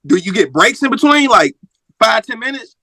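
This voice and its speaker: A man's voice: extremely high pitch, sing-song, moderate pace, pushed and bright, slightly rough, dry recording. A man hosting a casual interview, asking probing hypothetical questions. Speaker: podcast host.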